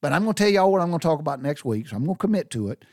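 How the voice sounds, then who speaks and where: Rambling older podcast host. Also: male voice, fairly high pitch, very animated, rapid-fire, darkish tone, no room sound, studio quality. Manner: rambling and profane, with folksy asides. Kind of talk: casual solo podcast monologue.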